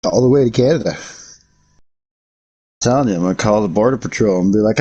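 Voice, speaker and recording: American guy streaming, slightly raspy voice, loose and profane, riffing with chat. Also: lowish voice, fairly quick, mellow. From United States. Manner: profane joking banter with chat. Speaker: game streamer. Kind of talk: casual livestream chat.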